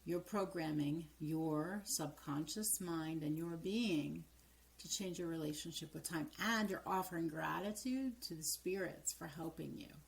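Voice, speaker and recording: A middle-aged woman, a transformational coach, giving calm step-by-step guidance and dropping to soft near-whispers when voicing affirmations. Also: low-pitched, moderate pace, creaky. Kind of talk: coaching video monologue.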